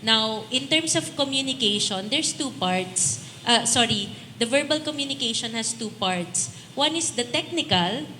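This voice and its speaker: A woman's voice: on the high side, lively intonation, normal speed, few pauses, bright, forceful tone. A woman on a panel explaining a topic in a structured way. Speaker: panel speaker. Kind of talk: panel discussion answer. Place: large event hall. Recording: clear noise behind.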